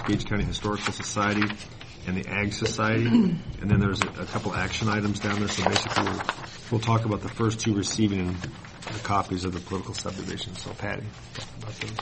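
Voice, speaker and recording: A man chairing a county board meeting, brisk and procedural with a dry sense of humor. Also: lowish voice, steady tone, gravelly, noisy background. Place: public meeting room.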